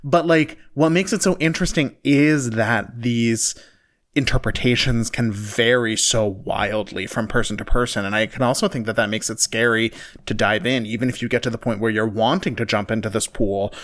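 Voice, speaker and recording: A man's voice: mid-range voice, steady tone, moderate pace, fairly bright tone. A man co-hosts a podcast in loose, playful chat, with an ordinary mid-range male voice. He cracks jokes and breaks into laughter in the middle of his sentences. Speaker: podcast co-host. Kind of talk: casual chat.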